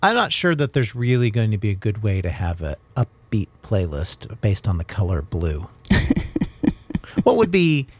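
A man's voice: on the low side, sing-song, moderate pace, slightly rough. A man co-hosting a podcast, chatting casually with wry, self-deprecating banter. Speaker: podcast co-host. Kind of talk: casual chat.

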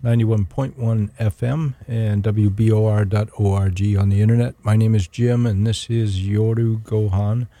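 A young man at a college radio mic, talking in a low, gravelly voice with a dark, mellow tone. He back-announces songs casually, halting often with ums and restarts. The sound is dry and close. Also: no echo.

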